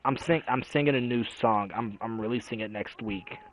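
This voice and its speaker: A man's voice: medium pitch, moderate pace, a little hiss or hum, low-quality recording. A man giving casual commentary on his video game, ranting and repeating phrases in a sing-song way. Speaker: gamer.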